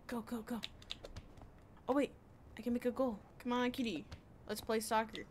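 A woman's voice: a little high, steady tone, normal speed, long pauses, a little hiss or hum. A young woman casually commenting on a game as she plays, playful and chatty with sing-song bits. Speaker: gaming streamer.

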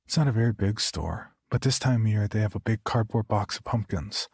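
A man narrates a first-person horror story in a quiet, halting, subdued voice. His tone is low and husky. It is recorded dry and close, with faint music underneath. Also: dry recording.

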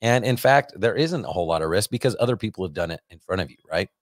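A man's voice: low voice, expressive, fast talker, no room sound, studio quality. A man hosting a business podcast, talking casually and energetically, often repeating himself. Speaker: podcast host and business coach. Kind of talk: casual monologue.

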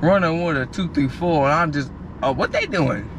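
A man's voice: a little high, normal speed, noisy background. A young man vlogging from a car, telling loose, slangy, rambling stories in casual chat. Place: parked car outdoors.

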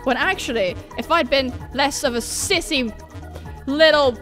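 Woman, high and bright, lively let's-play commentator who is self-mocking and sweary, with faint game music underneath. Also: normal speed. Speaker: gaming YouTuber.

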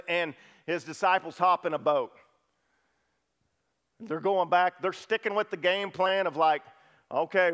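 A man preaching a sermon, telling the story with lively asides and acting out the disciples' lines, swinging from loud to hushed. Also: medium pitch. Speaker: pastor.

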